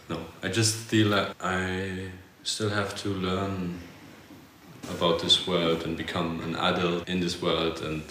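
A man hosting a podcast interview, speaking softly in a casual way. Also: sits low, little pitch movement, takes it slowly, pauses often. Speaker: podcast host. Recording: roomy echo with faint background hiss.

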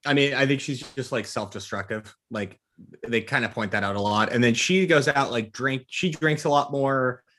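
A man co-hosting a podcast, joking through a movie recap and acting out characters in quick voices. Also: mid-range voice. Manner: animated, jokey, acts out characters in quick voices. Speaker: podcast co-host. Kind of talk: casual chat recapping a movie.

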